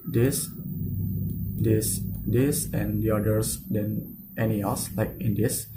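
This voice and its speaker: A man teaching pronunciation, which is not his language, at a slow, careful pace. He often stops and restarts his sentences. A steady noise hums behind his voice. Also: medium pitch. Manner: slow, halting, with frequent restarts. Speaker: English teacher. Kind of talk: online pronunciation lesson.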